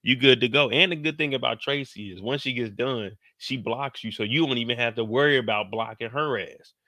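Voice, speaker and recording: Male recap host, unhurried, slangy storyteller, crisp edge, no room sound. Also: medium pitch, no echo, studio quality. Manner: slangy, animated, quotes characters in put-on voices; talks slower than in his live streams.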